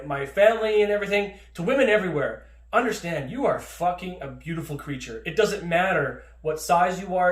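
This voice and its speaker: A man's voice: a little high, reverberant. A man talking in a casual monologue as a podcast host, impassioned, swearing often and restarting his sentences, choked up with emotion.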